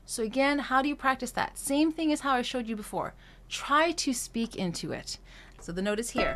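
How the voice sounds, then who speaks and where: A woman vocal coach talking through a singing lesson with a lively, up-and-down voice. She explains technique in a relaxed way, stopping and restarting her sentences, and her pitch moves widely as she talks. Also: brisk, soft background music. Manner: explains technique, then sings short phrases and vocal drills; frequent fillers and restarts while explaining. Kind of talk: singing lesson with sung demonstrations.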